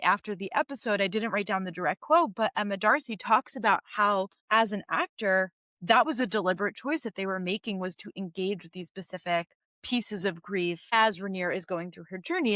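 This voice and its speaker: A woman's voice: medium pitch, fairly bright tone, dry recording. A young woman talks through a TV episode in a casual, earnest way, filling her sentences with "like" and "you know". Her voice sits in a middle range. The recording is dry and close, with no room sound. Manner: chatty, earnest, uses many fillers like "like" and "you know". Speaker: podcast co-host. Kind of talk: casual TV recap commentary.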